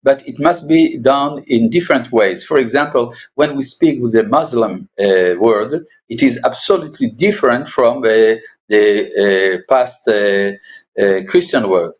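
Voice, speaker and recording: Halting man, a rabbi with many pauses. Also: mid-range voice. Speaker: rabbi and guest. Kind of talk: interview answers.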